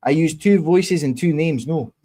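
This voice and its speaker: A man from England hosting his own online show, talking casually to viewers in a combative, lecturing way, slow and deliberate, swearing often and repeating his points. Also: on the high side, dark tone. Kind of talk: casual monologue answering viewer comments.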